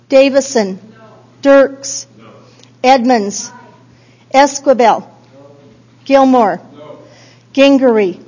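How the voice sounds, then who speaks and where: A female clerk reads out a roll call name by name, very slowly and evenly. Her voice sits high. The audio is muffled and dull. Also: darkish tone. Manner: slow, evenly spaced name reading. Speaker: chief clerk. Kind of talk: calling the roll. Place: legislative chamber.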